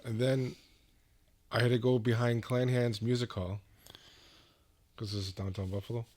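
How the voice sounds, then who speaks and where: Laid-back man telling a halting story. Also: mid-range voice, flat delivery, a little mellow. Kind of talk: casual chat.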